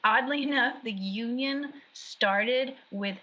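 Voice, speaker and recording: A woman is chatting casually as an interview guest. She tells stories eagerly and often breaks into laughter. Her voice is bright and forceful, and the recording sounds dull and lo-fi. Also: mid-range voice, normal speed. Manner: chatty, animated storyteller who laughs often. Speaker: guest, background actor.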